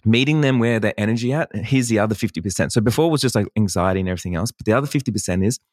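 A man hosting a casual workshop chat about client calls, animated, acting out client dialogue and laughing often. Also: on the low side, rapid-fire, no room sound, clean studio sound. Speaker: wedding photographer and business coach.

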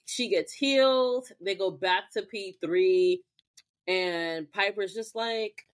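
A woman co-hosting a podcast, recapping a TV episode in an animated, profane way. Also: medium pitch, slow. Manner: animated, profane, acts out characters. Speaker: podcast co-host. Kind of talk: casual chat recapping a TV episode.

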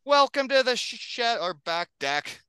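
A man's voice: very high-pitched, big pitch swings, unhurried, sharp tone, clear, resonant tone, dry recording. A man hosting a casual hockey podcast, upbeat and joking, often laughing. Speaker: podcast host.

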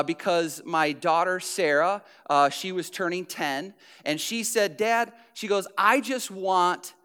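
A man's voice: a little high, bright, forceful tone, clean tone. A middle-aged man casually telling a personal anecdote, chatty and self-deprecating, full of fillers and restarts. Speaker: storyteller.

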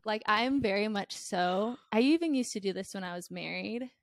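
A young woman hosts a podcast, chatting casually in a candid, blunt manner with lots of fillers. Her medium-pitched voice moves at normal speed, and the studio-quality recording has no echo.

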